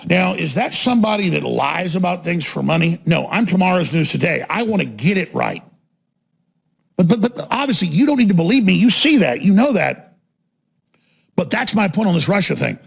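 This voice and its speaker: A man with a high, gravelly voice rants as a talk radio host. He is combative and emphatic, hammering points with repeated phrases. His delivery often climbs toward a shout. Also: sing-song, moderate pace. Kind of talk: ranting political monologue.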